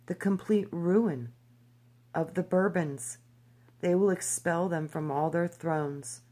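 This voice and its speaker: A woman reading the lines of a grave old male prophet foretelling doom, in her own low, measured voice. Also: dark tone. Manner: solemn, measured pronouncements.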